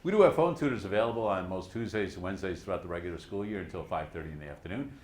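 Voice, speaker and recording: A man with a low, deep voice hosts a studio math help show. He talks quickly in a brisk, announcer-like way. The room around him is echoey. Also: expressive, a little mellow, slight background noise. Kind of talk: broadcast studio hosting.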